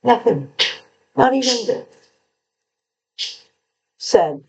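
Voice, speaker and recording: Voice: mid-range voice, expressive, slow pace, long pauses, mellow, rough recording. A true crime commentator analysing a confession letter, who lectures with emphasis and asks rhetorical questions.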